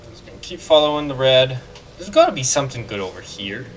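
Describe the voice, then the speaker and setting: Excitable man narrating his gameplay. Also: medium pitch, fast talker, far from the mic. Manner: excitable, jokey, talks to the game. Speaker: let's play gamer. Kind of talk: casual gameplay commentary.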